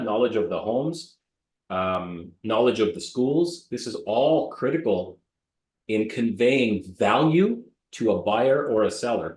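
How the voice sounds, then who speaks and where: A man in his thirties from Canada, a real estate broker telling blunt, lively stories in an interview and mimicking the people in them. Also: medium pitch. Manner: blunt, animated, mimics voices in anecdotes. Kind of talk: interview storytelling. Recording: roomy echo.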